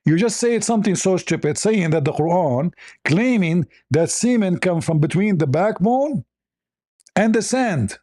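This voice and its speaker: A man's voice: high-pitched, lively intonation, unhurried, mellow, no echo, studio quality. A man hosting a stream, speaking as an in a sarcastic, mocking commentary style. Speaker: livestream host.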